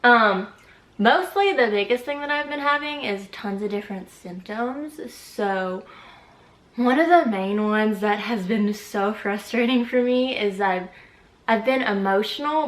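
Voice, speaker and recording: A woman in her twenties chatting casually and giggling in a pregnancy update vlog, a little out of breath. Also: mid-range voice. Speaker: vlogger. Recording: echoey room.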